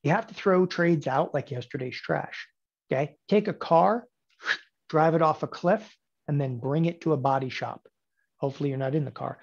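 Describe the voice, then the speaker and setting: A man in his forties teaching options trading in a lecture, emphatic and sarcastic, with animated bursts. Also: on the high side, normal speed, gravelly, husky, lo-fi sound. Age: 40s.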